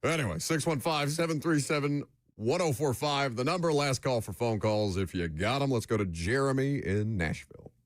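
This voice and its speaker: A young adult man hosting a casual sports radio show, joking and rambling with quick asides. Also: medium pitch, no echo. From United States. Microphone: studio microphone.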